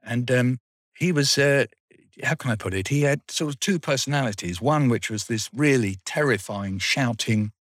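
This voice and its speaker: A man's voice: medium pitch, normal speed, fairly bright tone, no echo. Older man, rambling storyteller, dry humour, close dry sound. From England. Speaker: guest. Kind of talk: reminiscing interview.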